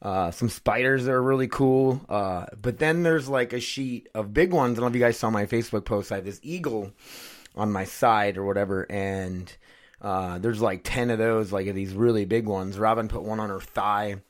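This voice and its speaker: A man's voice: on the low side, normal speed. A man hosting his own podcast, rambling and swearing casually into a condenser studio mic. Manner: rambling, profane, self-mocking. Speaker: podcast host.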